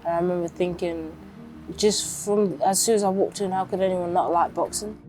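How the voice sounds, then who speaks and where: A woman's voice: on the low side, normal speed, soft background music. A woman, casually telling her own story in an interview. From London, England. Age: 20s. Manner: casual, chatty, acts out quotes lively. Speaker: interviewee, boxer. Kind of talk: reflective personal storytelling.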